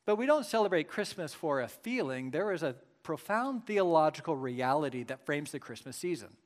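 Man, pastor, conversational sermon, slightly higher voice, slow scripture reading, asks the room questions. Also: sing-song. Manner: conversational preaching with asides and rhetorical questions.

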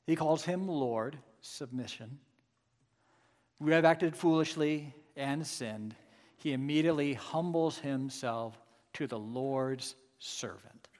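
A man's voice: mid-range voice, takes it slowly, a little mellow, in a large hall. A man preaching a sermon with emphatic, rhetorical asides to his congregation. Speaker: pastor.

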